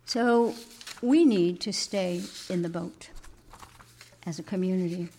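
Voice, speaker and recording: A woman giving a sermon, telling a story and moving between emphatic lines and hushed asides. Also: fairly low pitch, slow, slight background noise. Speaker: preacher.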